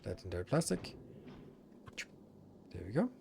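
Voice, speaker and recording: A man's voice: fairly low pitch, big pitch swings, moderate pace, gravelly, a little mellow, slight background noise. A man streaming a building game, thinking aloud and muttering as he plays. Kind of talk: casual live-stream commentary.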